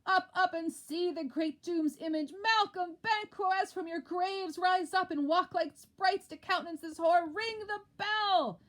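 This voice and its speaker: A woman reading aloud as a horrified nobleman raising the alarm, crying out loud and urgent. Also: high voice, steady tone, normal speed, hardly any pauses, pitched above the performer's own voice, natural voice.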